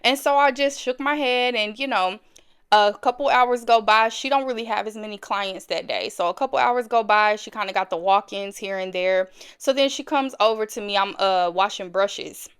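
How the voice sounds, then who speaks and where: A woman's voice: medium pitch, moderate pace, a bit bright, clean tone. A woman telling a personal story in a casual, chatty way, talking straight to her viewers and repeating phrases for emphasis. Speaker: storyteller host.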